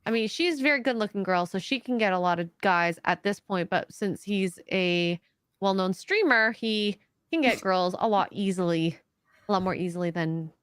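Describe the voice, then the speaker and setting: A woman's voice: medium pitch, normal speed, fairly bright tone, clean tone, no echo. Woman cohost reading donos, chatty, laughs a lot, dry sound. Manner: chatty, laughs easily, trails off in restarts. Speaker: podcast co-host. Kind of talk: casual chat, reading out donations.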